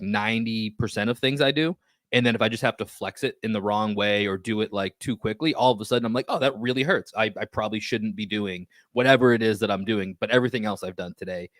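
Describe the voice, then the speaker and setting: A man's voice: lowish voice, a bit bright, dry recording. A young man from the Boston area, co-hosting a casual sports chat with easygoing, joking banter. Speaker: podcast co-host.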